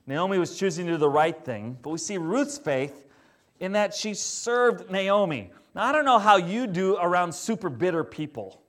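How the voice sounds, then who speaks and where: Man, pastor, sermon, conversational, animated, fairly high pitch. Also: moderate pace.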